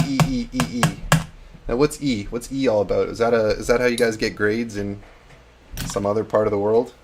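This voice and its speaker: Man, low voice, gravelly, chatty, self-deprecating, live stream host. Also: a little mellow, slight background noise. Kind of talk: casual chat on a live painting stream.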